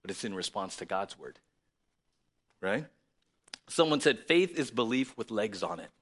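Lively, bright-voiced male pastor. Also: lowish voice, a little slow. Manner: lively, conversational preaching with sudden loud emphasis; reads scripture aloud. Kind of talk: sermon.

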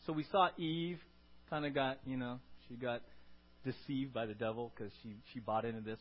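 A man preaching a sermon to his congregation, asking them questions and building to loud, emphatic peaks. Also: medium pitch, fairly even intonation, normal speed, muffled recording. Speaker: pastor.

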